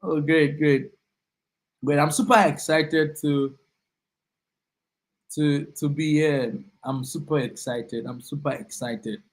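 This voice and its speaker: A young man with a Nigerian accent leads a live online class, upbeat and chatty, greeting students one by one and repeating his words as he goes. His voice is a little higher than most men's, with fairly even intonation. He speaks slowly with long pauses, and the recording is low quality.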